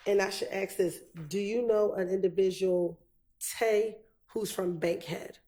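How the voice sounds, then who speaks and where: A woman prosecutor questioning a witness in a courtroom, methodical and measured. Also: mid-range voice, steady tone, mellow.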